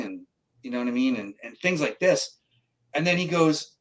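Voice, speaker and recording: A man's voice: fairly high pitch, a little fast, low-quality recording. A middle-aged man from Canada, a guest psychic, telling a story in a casual interview and acting out the voices of the people in it. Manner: animated, acts out quoted voices.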